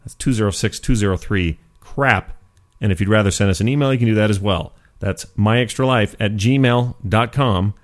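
A man's voice: on the low side, normal speed. A young man hosting a podcast in casual chat, joking and goofy. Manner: joking, goofy, self-mocking. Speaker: podcast host.

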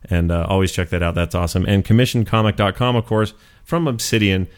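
A man's voice: lowish voice, fairly even intonation, fast, clear, resonant tone. A young man hosting a podcast in casual chat, joking and goofy. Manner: joking, goofy, self-mocking. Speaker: podcast host.

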